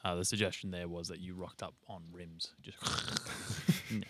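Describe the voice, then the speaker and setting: A man's voice: low-pitched, fairly even intonation, a little slow, background noise. An Australian man co-hosting a podcast, teasing his friends in dry casual banter. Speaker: podcast co-host. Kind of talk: casual chat.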